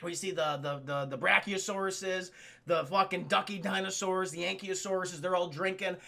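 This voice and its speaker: A man streaming a casual film recap to his live chat, excitable and swearing freely as he talks straight to the viewers. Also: high-pitched, moderate pace, vocal fry.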